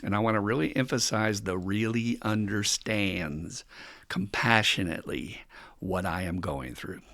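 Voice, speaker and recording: A man hosting a recovery podcast, talking casually and teaching with animated stories. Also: lowish voice, a little slow, gravelly. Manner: animated storytelling with acted quotes and frequent laughs. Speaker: recovery counselor and podcast host.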